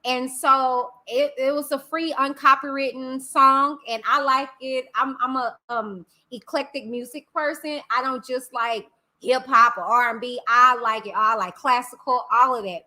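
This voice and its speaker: Bright, high-voiced chatty woman streamer. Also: fairly even intonation. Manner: chatty, greets viewers by name, drawn-out affectionate greetings. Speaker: livestream host. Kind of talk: casual live-stream chat. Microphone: computer mic in live stream software.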